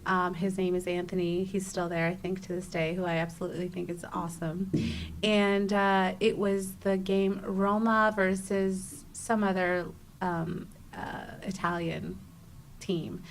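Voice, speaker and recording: A young adult woman, a podcast guest, telling a personal story in a casual interview, animated and acting out her own exclamations, with frequent restarts. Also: fairly low pitch, a little slow, a little hiss or hum.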